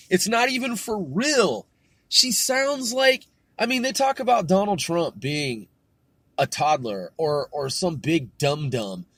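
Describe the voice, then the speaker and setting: A man delivering a profane political rant, crude and full of swearing, filler words and "dude", swinging from muttering to shouting. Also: sits high, slightly rough, no room sound. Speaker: political commentator.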